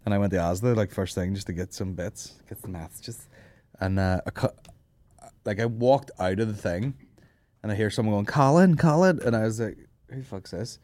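A man's voice: fairly low pitch, brisk, dry recording. A Northern Irish man hosting a podcast, chatting casually and crudely and swearing freely as he tells stories. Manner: crude, animated, swearing storyteller. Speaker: podcast host.

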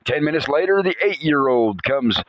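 A man's voice: on the high side, expressive, moderate pace, fairly bright tone, no echo. A man hosting a podcast, telling rambling animal anecdotes in a casual way and chuckling often. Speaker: podcast host.

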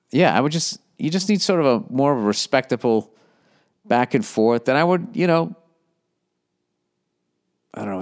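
A man hosting a podcast, reading listener letters and giving blunt, profane, rambling advice with mock exasperation. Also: lowish voice. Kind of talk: casual profane advice rant.

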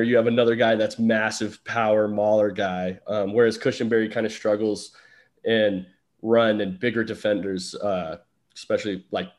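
A man guesting on a sports podcast as a writer, breaking things down in an analytical, relaxed way. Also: on the low side. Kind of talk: casual sports podcast chat.

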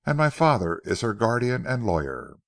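A man voicing a haughty, mocking gentleman who brushes off a policeman's questions. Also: lowish voice, very animated, normal speed, gravelly, no echo, clean studio sound. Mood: scornful. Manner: scornful, dismissive laughter in his words.

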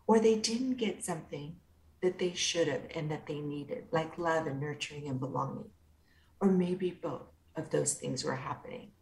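A woman guest being interviewed, speaking calmly and gently in a soothing, therapeutic way. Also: on the low side. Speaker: guest author and inner-child coach. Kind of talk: interview answers. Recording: roomy echo.

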